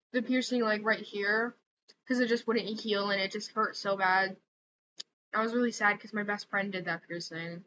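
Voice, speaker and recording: A woman's voice: mid-range voice, bright, forceful tone. A young woman ranting casually in a vlog, swearing often and filling her talk with "like". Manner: profane, exasperated, many fillers like "like". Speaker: vlogger. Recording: slightly dull lo-fi audio with faint noise.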